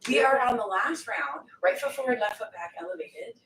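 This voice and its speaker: A woman's voice: mid-range voice, animated, brisk, fairly bright tone. A woman fitness coach joking and swearing while she works out, breathing hard. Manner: joking, profane banter while exercising. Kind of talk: live workout coaching. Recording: echoey room, distant mic, faint noise.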